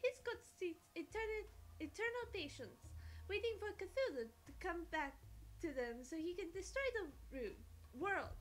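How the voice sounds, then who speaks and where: A woman's voice: extremely high pitch, animated, moderate pace, a little hiss or hum. A young woman voicing a theatrical French woman who heads an occult school, with a put-on French accent and a playful, grand storytelling manner, reading game dialogue aloud. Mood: hammy.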